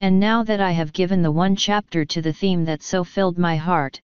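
A woman narrating an audiobook with an even, measured delivery. Her voice is a little low and very smooth. The recording is dry and dull, with little room sound. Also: no echo. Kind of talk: scripted narration.

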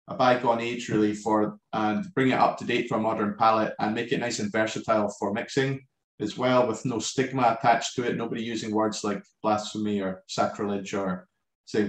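A man from a distillery talks casually about his product over a video call, rambling with frequent restarts. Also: lowish voice. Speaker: distillery representative. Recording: roomy echo on a video call.

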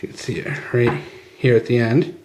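A chatty man talks viewers through a hands-on job in a relaxed, informal way, with plenty of fillers. His voice sits at an ordinary pitch and carries a noticeable echo, with faint ambient noise behind him. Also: moderate pace. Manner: chatty, addresses viewers as guys, many fillers. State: out of breath at times. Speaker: channel host. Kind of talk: casual how-to demonstration. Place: outdoors at a workbench.

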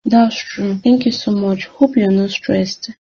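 Woman voicing a wistful orphan in a cartoon, husky and dark. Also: mid-range voice, steady tone, slow pace, muffled recording. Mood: grateful. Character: grieving orphaned young woman, Kate.

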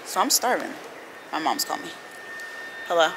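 A woman's voice: low-pitched, very animated, normal speed. A young woman vlogging to camera in an airport terminal, rambling and slangy in a casual chat. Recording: noisy public terminal. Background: airport announcements and bustle.

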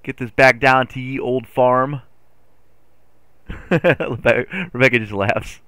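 A man streaming a farming game live, chatting playfully with his chat and getting excitable over his driving. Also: mid-range voice, slow, clear, resonant tone, no room sound. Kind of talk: live gameplay commentary.

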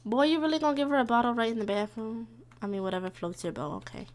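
Animated young woman chatting over a game. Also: fairly high pitch, fast. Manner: chatty, exclaims and yells at the game characters. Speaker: gaming streamer. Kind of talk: casual let's-play commentary.

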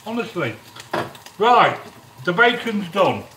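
A man's voice: high-pitched, big pitch swings, slow pace, far from the mic, a little hiss or hum. Chatty middle-aged man, roomy kitchen. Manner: chatty, talks straight to viewers, gives shout-outs. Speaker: cooking channel host. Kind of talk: live-stream cooking chat. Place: home kitchen. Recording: echoey kitchen, speaker off-mic. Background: frying and sizzling in the pan.

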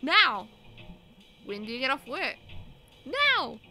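Hyperactive young male fox, loud and bouncy, high and bright as a young woman voices him. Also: huge pitch swings, slow pace, faint music behind, exaggerated voice. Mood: excited. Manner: shouty, bouncy, overexcited.

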